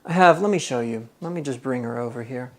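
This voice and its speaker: A chatty man with a medium-pitched voice talks a little fast while hosting a cooking stream in his home kitchen, with slight background noise. He reads the chat aloud and thinks out loud as he cooks.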